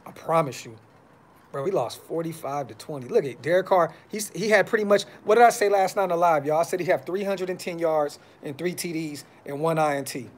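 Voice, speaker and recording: A man's voice: fairly high pitch, fairly quick. A man hosting a fan podcast, talking casually on a live stream with frustration, blunt slang and lots of repeats. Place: brother's house.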